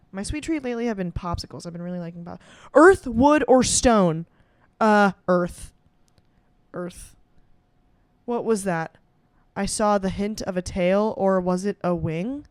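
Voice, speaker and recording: A woman's voice: mid-range voice, no room sound. A young woman chatting casually and reacting as she goes, swearing and laughing often. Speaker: comedian doing a quiz on camera. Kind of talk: casual solo chat.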